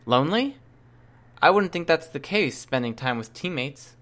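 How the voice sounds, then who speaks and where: A man's voice: a little high, expressive, moderate pace, a bit bright, voice pushed up. A man reading aloud, voicing a cautious, wry teenage girl with a dry, lightly humorous delivery. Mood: friendly. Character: young teen girl heroine, wry and cautious.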